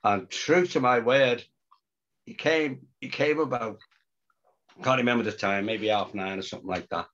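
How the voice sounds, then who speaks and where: An older man recounts a story in a relaxed, chatty way, switching into the voices of the people he quotes. He talks at a middling pitch, and the recording sounds muffled and lo-fi. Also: moderate pace. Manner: animated, acts out quotes, laughs often. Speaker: storyteller guest. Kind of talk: casual anecdote telling.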